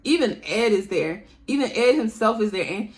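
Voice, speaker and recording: This storytime vlogger, a young woman, speaks at normal speed in a fairly high voice with lively intonation. She casually recounts something that happened to her, addressing viewers directly as "y'all" and performing what others said.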